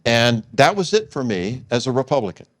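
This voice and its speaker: A man's voice: mid-range voice, sing-song, brisk. A man in his sixties telling a long personal story in an interview, acting out the dialogue he quotes. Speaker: guest.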